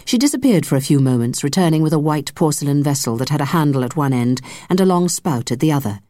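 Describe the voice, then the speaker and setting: Low-voiced woman reading an audiobook. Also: animated, fast talker, dark tone. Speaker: audiobook narrator. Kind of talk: scripted narration.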